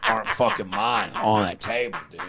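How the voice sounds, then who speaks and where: A man's voice: fairly low pitch, fairly even intonation, moderate pace, music in the background. A man hosting a podcast, telling a long crude story in a rambling, self-deprecating way. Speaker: podcast host. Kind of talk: casual chat, storytelling.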